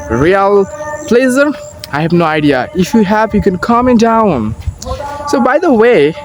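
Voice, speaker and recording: A young man with a Bangladeshi accent speaks earnest, halting English, restarting his sentences as he walks past paddy fields. His voice sits fairly high. He records on a phone on a selfie stick, and clear outdoor noise is heard behind him. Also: poor audio. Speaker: vlogger practicing English. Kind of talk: casual walking vlog.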